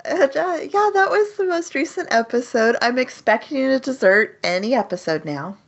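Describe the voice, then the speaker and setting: A woman's voice: sits high, animated, normal speed, vocal fry. A woman co-hosting a podcast, recapping an anime episode in casual chat, laughing often and acting out characters' lines. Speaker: podcast co-host.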